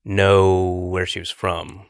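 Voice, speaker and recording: A man's voice: deep voice, monotone, slow pace, creaky, clean tone, dry recording. A man hosting a comedy podcast, teasing his guest in a dry, sarcastic way over a studio mic. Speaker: podcast host. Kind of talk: casual comedic chat.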